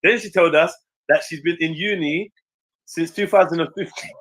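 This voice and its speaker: A man, telling a story in casual chat, animated and slangy, swearing freely and acting out what others said. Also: a little high, moderate pace, low-quality recording. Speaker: stream panelist.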